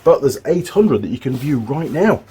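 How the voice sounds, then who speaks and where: A middle-aged mechanic explains a repair in a casual, chatty way. His voice has a slightly breathy, husky edge at a middle pitch. He rambles and restarts as he goes. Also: big pitch swings, moderate pace, dark tone. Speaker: motorbike mechanic and channel host. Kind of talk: casual workshop tutorial.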